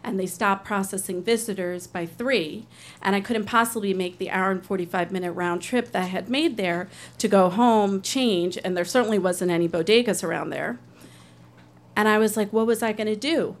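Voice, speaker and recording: A woman's voice: mid-range voice, normal speed. Woman telling her own story on stage, earnest, chatty, does little voices for people. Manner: earnest, conversational, acts out other people's voices. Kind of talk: live personal storytelling.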